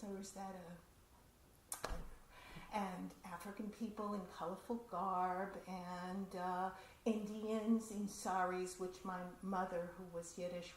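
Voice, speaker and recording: A woman performing a personal story at a community event, with a chatty, animated telling and asides. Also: fairly low pitch. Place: community center hall. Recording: roomy hall with faint noise.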